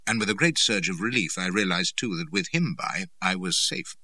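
Expressive male audiobook narrator. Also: deep voice, normal speed, slightly rough, no echo. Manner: expressive, dramatic storytelling. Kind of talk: scripted first-person narration.

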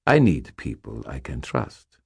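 A man voicing a calm, sinister male guardian and dark wizard who speaks in a steady, quiet, unhurried way. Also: rumbling low, breathy edge, dry recording, clean studio sound, full character voice. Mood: cold calm.

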